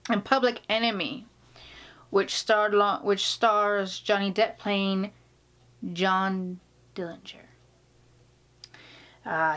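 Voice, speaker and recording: A woman's voice: medium pitch, fairly bright tone. A woman vlogger talking casually to camera, gushing and rambling, sometimes dropping to a whisper.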